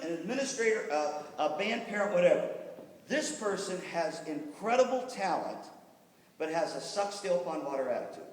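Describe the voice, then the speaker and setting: A man giving a lively workshop talk to music teachers, telling jokes and doing quick voices for the people in his stories. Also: high-pitched, slight background noise. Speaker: workshop presenter on band administration. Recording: echoey hall, voice from far off.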